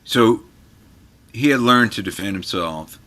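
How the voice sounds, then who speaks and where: A man's voice: fairly low pitch, unhurried. A man, a guitar magazine editor, telling stories in a casual chat and acting out the people he quotes. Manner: animated storyteller who acts out the people he quotes.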